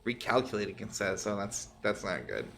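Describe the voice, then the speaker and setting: A man's voice: on the low side, big pitch swings, a little fast, gravelly, a bit bright, slight background noise. A man streaming a game, chatting casually, swearing and laughing often. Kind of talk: casual gaming chat.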